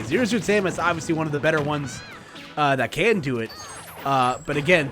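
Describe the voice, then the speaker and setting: A man's voice: on the high side, a bit bright. Wisecracking man on esports color commentary. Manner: loose, rambling, wisecracking.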